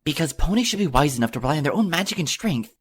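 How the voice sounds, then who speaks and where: A man reading an audiobook, voicing a bossy, bookish young filly unicorn with a high, whining voice. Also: very animated, very fast, breathy edge. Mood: exasperated. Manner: high-pitched, whining, insistent.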